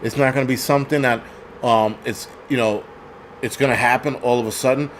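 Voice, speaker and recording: A man hosting a livestream, telling a story in a profane, animated rant and thanking viewers. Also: medium pitch, fairly quick, slight background noise. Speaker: host.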